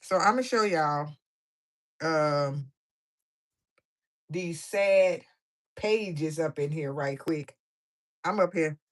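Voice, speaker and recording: A woman's voice: sits low, drawn-out words, pauses often. Chatty, playful woman vlogger. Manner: playful, chatty, laughing commentary. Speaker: coloring vlogger. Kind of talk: casual chat while coloring.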